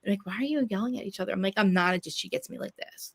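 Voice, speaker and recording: A quick-talking woman, loud and blunt, swearing freely as she hosts a casual podcast. Her voice has a gravelly edge and sits close and dry on the mic. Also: mid-range voice, no room sound. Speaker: podcast host. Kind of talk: casual live podcast chat.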